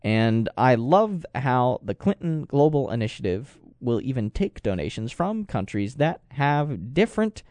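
A man's voice: medium pitch, sing-song, a little slow, few pauses, darkish tone, no echo. A man giving rambling, digressive commentary with sarcastic asides. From United States. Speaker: political commentator. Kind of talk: casual talk commentary.

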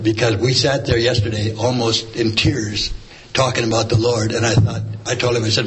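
A man's voice: mid-range voice, little pitch movement, moderate pace, a little hiss or hum, low-quality recording. A man tells a story casually. He rambles, with many fillers and restarts, as he shares a church testimony. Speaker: church member sharing a testimony.

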